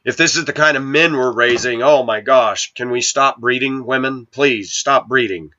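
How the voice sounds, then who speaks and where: The dull lo-fi recording captures a middle-aged man whose cold has him sniffling. His mid-range voice moves at normal speed with a bright, forceful tone as he hosts his channel, ranting to camera and combatively scolding and preaching to viewers.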